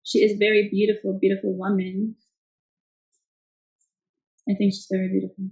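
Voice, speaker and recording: A woman's voice: medium pitch, moderate pace, pauses often, far from the mic. A young woman chatting casually on a livestream, answering fan questions with lots of fillers and restarts. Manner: chatty, rambling, many fillers. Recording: echoey room, off-mic.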